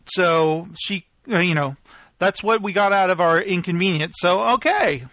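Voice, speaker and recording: A man in his thirties hosting a live podcast, telling a story in a casual, animated way and acting out both sides of the conversations. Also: sits high, normal speed, dry recording. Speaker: podcast host.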